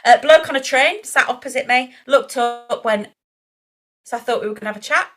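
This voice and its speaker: A woman's voice: high-pitched, brisk. A woman in her late forties, a vicar, chatting casually on a podcast and acting out other people's lines as she tells stories. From England. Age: late 40s. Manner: animated storyteller, acts out other people's lines.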